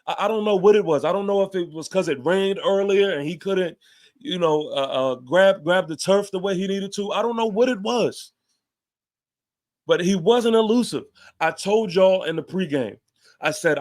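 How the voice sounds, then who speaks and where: A man's voice: high-pitched, normal speed, darkish tone. A man hosting a fan show, giving a heated, emphatic post-game rant with casual swearing and repeated points.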